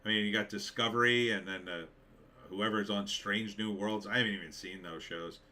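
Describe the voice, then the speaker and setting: Guy reading chat on his live stream, low voice with a bright edge, blunt and opinionated. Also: fairly even intonation, moderate pace. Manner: blunt, dismissive, opinionated, many fillers.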